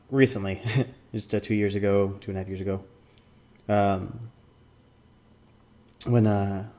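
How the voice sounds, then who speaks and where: A man's voice: lowish voice, gravelly, a little mellow. A man and former card tournament judge giving casual commentary, rambling with lots of fillers and restarts.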